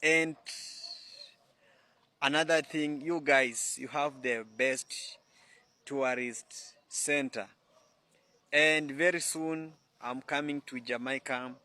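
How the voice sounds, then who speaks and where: A man talks to the camera in a slow, halting, affectionate way. His tone is bright and sharp. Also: mid-range voice, fairly even intonation, no echo. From Kenya. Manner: halting, restarts words, affectionate. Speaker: social media commenter. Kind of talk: casual direct-to-camera talk.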